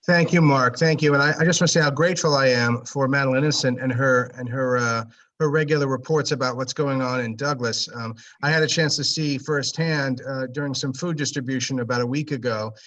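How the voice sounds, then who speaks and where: A man giving public comment at a virtual meeting, earnest and halting with many restarts. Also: medium pitch, fairly even intonation, fairly bright tone, distant mic, low-quality recording. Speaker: meeting participant.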